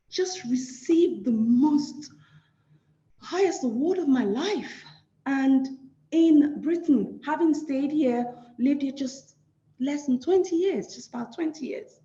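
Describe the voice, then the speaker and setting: Nigerian woman lecturer, high lively voice, mellow tone, roomy slightly dull recording. Emphatic delivery. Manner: emphatic, repeats phrases for stress. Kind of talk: award lecture.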